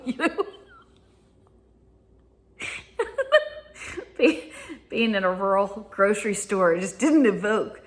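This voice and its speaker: Speaking slowly with frequent pauses, a woman vlogger from the American South delivers a casual storytelling monologue. Her medium-pitched voice is very animated, and she's giggly, laughing often.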